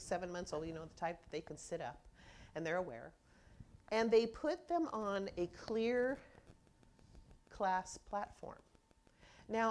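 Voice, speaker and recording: A woman minister preaching a conversational sermon, telling stories and acting out people's reactions as she goes. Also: medium pitch.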